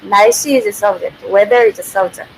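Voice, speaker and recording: A woman's voice: mid-range voice, fast, a little hiss or hum, rough recording. A woman, a native Korean speaker, giving a casual livestream language lesson who thinks aloud, corrects herself and laughs often.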